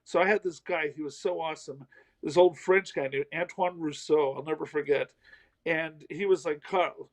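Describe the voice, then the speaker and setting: A man's voice: fairly high pitch, steady tone, moderate pace, poor audio. A middle-aged man from the American South, a comedian telling a self-deprecating story in a casual interview. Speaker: comedian guest.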